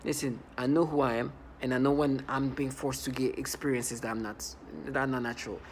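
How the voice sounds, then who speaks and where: A man talking to camera in a rambling, halting monologue, repeating words and stressing points earnestly. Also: medium pitch, steady tone, a little hiss or hum. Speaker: vlogger.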